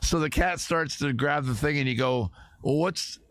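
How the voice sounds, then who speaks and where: A man's voice: mid-range voice, moderate pace, a bit bright, smooth, no echo. A man from Maryland hosting a casual livestream, rambling and joking as he reads viewer comments aloud. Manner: rambling, jokey, talks to chat and guests. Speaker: livestream host.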